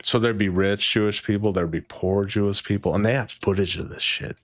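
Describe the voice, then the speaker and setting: A man's voice: lowish voice, steady tone, fairly quick, no room sound, clean studio sound. A man in his thirties hosting a casual livestream chat, rambling and swearing often as he reads and answers chat. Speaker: livestream host.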